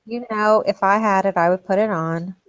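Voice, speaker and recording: A woman's voice: mid-range voice, steady tone, normal speed, no room sound, lo-fi sound. Playful woman with a New Jersey accent. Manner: teasing, playful. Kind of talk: casual chat.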